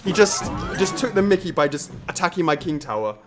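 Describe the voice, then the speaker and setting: Man, streamer, lively swooping voice, a bit high, game music underneath. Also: a little fast. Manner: excitable, groaning and playfully trash-talking his opponent. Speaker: streamer and show host. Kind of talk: live gameplay commentary.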